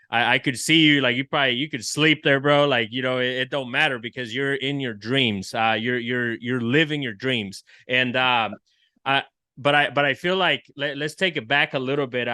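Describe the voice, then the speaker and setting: Man, podcast host, bright clear voice, slangy and rambling, dry close mic. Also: mid-range voice, dry recording. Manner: loose, slangy, many restarts and "like", "bro". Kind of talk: casual interview chat.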